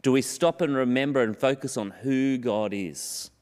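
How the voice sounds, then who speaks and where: A man preaching a sermon in an earnest way, slowing down on scripture and repeating key phrases for emphasis. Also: mid-range voice, darkish tone, clear, resonant tone. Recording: long hall reverb.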